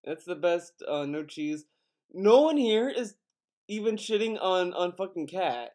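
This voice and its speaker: Sarcastic young man with a high voice. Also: big pitch swings, a little slow, a little mellow. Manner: mocking, profane, exasperated. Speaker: commentary youtuber. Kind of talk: sarcastic commentary.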